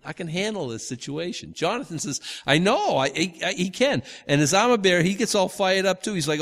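A man's voice: sits high, sing-song, fairly quick, few pauses, fairly bright tone, long reverb tail. A man teaching from the Bible in a loose, conversational way, stumbling over restarts and acting out the quotes. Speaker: preacher.

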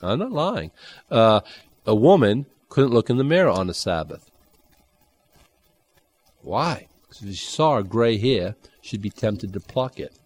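A man preaching a Bible-teaching sermon, conversational and animated, with dry humor and sudden jumps in pitch. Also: unhurried, pauses often. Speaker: pastor.

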